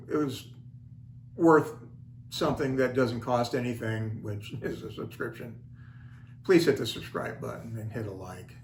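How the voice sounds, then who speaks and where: A man's voice: mid-range voice, a little hiss or hum. Wry, folksy older man in an echoey room. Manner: wry, self-deprecating, folksy. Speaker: channel host. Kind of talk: casual storytelling vlog. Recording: roomy echo, faint ambience.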